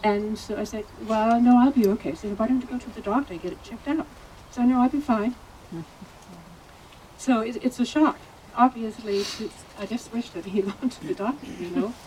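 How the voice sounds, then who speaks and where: A woman speaking at a memorial about a friend and tenant, halting and hesitant with fillers. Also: a little high, darkish tone, a little hiss or hum, poor audio. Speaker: friend giving a eulogy. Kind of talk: memorial speech.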